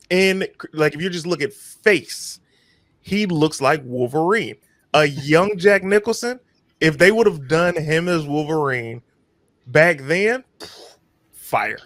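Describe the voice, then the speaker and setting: A man co-hosting a casual podcast, talking quickly and emphatically. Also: on the high side, fairly bright tone, dry recording. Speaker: podcast co-host. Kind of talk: casual chat.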